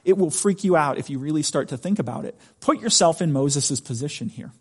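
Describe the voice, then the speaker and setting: A man's voice: fairly high pitch, expressive, a little fast, husky. A man preaching a sermon in a conversational, emphatic way, asking the congregation rhetorical questions. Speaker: pastor.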